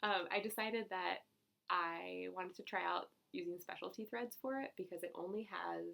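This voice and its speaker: A young woman vlogs about her stitching finds in a relaxed, rambling chat. Her voice sits low and carries a lot of vocal fry, and she breaks into giggles and fillers as she goes. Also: normal speed. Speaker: cross-stitch vlogger. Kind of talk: casual chat.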